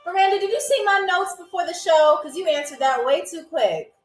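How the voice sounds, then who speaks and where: A woman's voice: extremely high pitch, lively intonation, fairly quick, echoey room, faint music behind, low-quality recording. A woman hosting a live-streamed trivia game show, chatting playfully with viewers and teasing them as they answer.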